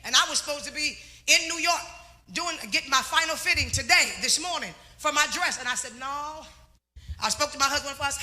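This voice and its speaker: A middle-aged woman preacher testifying and teaching a sermon in call-and-response, shouting to a congregation in a live church service. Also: high-pitched, brisk. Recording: live church service with loud crowd noise. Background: congregation laughing and responding.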